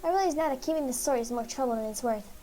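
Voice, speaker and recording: A woman's voice: sits high, racing, dark tone, a little hiss or hum, lightly acted. A woman voicing a small, fussy mouse who lost a sword, talking in a theatrical, pleading way. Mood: gracious. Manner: theatrical, pleading, self-pitying.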